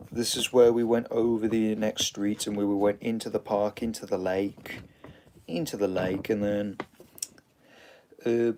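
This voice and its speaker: A man's voice: lowish voice, dark tone. A man with an English accent casually retelling a story in a loose, rambling way, full of fillers and restarts.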